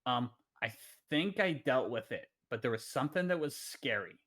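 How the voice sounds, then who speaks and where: Rambling, excitable man at the game table. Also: medium pitch, moderate pace. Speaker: player. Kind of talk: casual chat.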